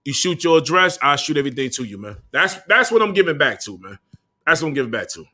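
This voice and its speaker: A man's voice: fairly high pitch, big pitch swings, fast talker, pushed and bright. A young man hosting a casual livestream, bantering loosely in slang, swearing and calling out to his viewers. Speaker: livestream host.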